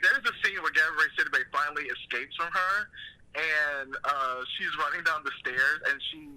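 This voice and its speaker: Guy hosting a podcast, really bright tense tone, talks in loose rambling bits full of like. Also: a little high, normal speed, low-quality recording. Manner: rambling, full of "like" and restarts, laughing. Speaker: podcast host. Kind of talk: casual chat.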